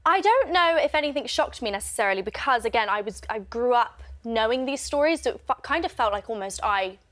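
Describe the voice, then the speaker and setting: A young adult woman chatting as a guest on a TV studio sofa, earnest and reflective, with halting pauses. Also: a little high, expressive, fairly bright tone. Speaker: guest author. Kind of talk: casual interview chat.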